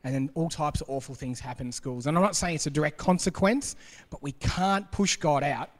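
A man preaching a sermon as pastor, acting out quoted voices and dropping to a hush for emphasis. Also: fairly high pitch, a little fast. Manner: animated, acts out quoted voices, drops to quiet for emphasis. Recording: long hall reverb.

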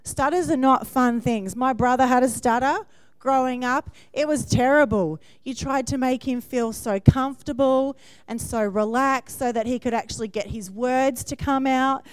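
A woman delivers a sermon in a fairly high, bright voice, chatty and personal, often checking in with a quick "yeah?". Her voice sounds close and dry, with no room echo. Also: smooth. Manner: warm, conversational preaching with frequent "yeah?" check-ins and laughs. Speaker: preacher.

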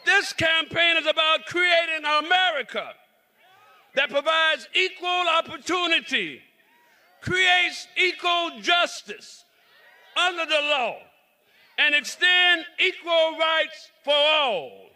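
This man's very high voice is slow, with lively intonation and a Southern drawl. He's a South Carolina reverend and state representative giving a preacherly outdoor rally speech in the cold, shouting and repeating himself over a faint crowd.

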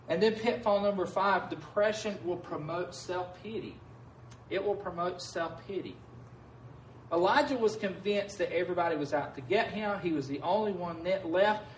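A man's voice: high-pitched, slight background noise. A male pastor preaching a sermon in a conversational way, often asking his listeners "right?". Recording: echoey room heard from a distance.

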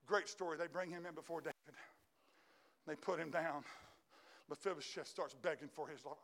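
A man preaching a sermon, telling a story dramatically, acting out the characters and building up to shouts. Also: fairly high pitch, steady tone, normal speed, creaky, long pauses.

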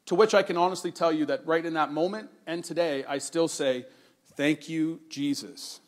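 A man preaches with earnest warmth of conviction, recounting a personal encounter in easy conversational speech. His voice sits a little high for a man, and he draws out key words to drive a point home. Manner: earnest, conversational storytelling, slows down for emphasis. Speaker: pastor. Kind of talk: sermon-style personal story and exhortation.

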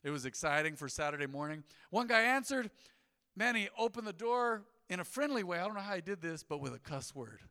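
Bright, high-pitched preaching man in a reverberant hall. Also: a little fast. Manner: animated storytelling with rising emphasis. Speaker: pastor. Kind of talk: sermon. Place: church sanctuary. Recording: long hall reverb in a sanctuary.

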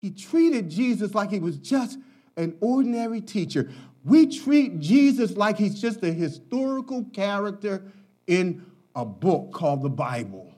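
A man's voice: high-pitched, sing-song, measured pace, dark tone. A man preaching a sermon, telling stories and stressing his points by repeating words, and chuckling as he tells them. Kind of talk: sermon with storytelling.

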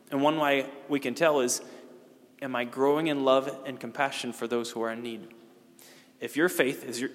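A middle-aged priest giving a homily in a conversational way, with casual fillers and restarts. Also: male voice, mid-range voice. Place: church. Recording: long church reverb.

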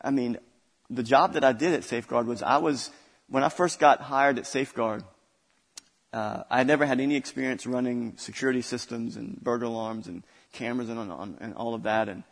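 A man's voice: mid-range voice, brisk, gravelly, long reverb tail. A male pastor preaching a sermon, building intensity through repeated phrases. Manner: preaching with rising intensity and repetition.

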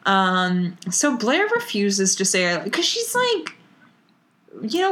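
A woman co-hosting a podcast over a remote call, retelling a TV episode in an animated, chatty way. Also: mid-range voice, slow. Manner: chatty, animated retelling with lots of "like" and quoted lines. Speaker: podcast co-host recapping a TV show. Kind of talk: casual chat.

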